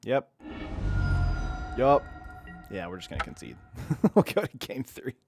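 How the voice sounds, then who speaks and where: A man's voice: mid-range voice, huge pitch swings, takes it slowly, creaky, darkish tone, husky, no echo, faint music behind. A young man casually commenting while he streams an online card game, chatty and self-deprecating, reading viewers' chat aloud.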